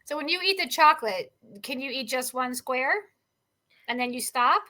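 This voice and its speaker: A woman's voice: high-pitched, normal speed, bright, forceful tone. A woman hosting a podcast, talking casually with many fillers. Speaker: podcast host.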